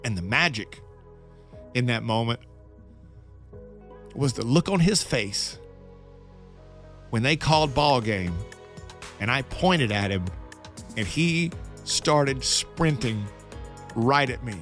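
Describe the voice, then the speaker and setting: A middle-aged man, a radio host, telling a personal story in a casual, animated monologue with self-mocking jokes. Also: medium pitch, slow, long pauses, soft background music.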